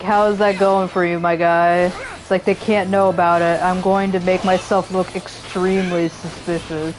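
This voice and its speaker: Woman game streamer, casual joking commentary, laughs a lot, mid-pitched voice. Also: poor audio.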